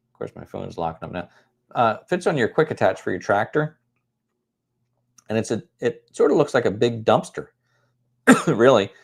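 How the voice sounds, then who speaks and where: A man's voice: fairly low pitch, vocal fry. A middle-aged man hosting a casual livestream, rambling and chuckling as he answers viewer comments with self-deprecating humor. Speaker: livestream host.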